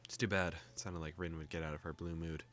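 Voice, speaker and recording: A young man hosting a gaming video, calmly reading a visual novel aloud with joking asides. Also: low voice, quick pace, slight background noise.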